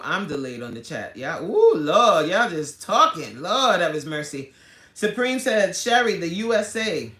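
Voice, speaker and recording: A woman's voice: deep voice, fairly bright tone, reverberant. A woman fitness coach hosting a casual livestream, reading viewer comments aloud with playful, slangy banter and frequent laughter.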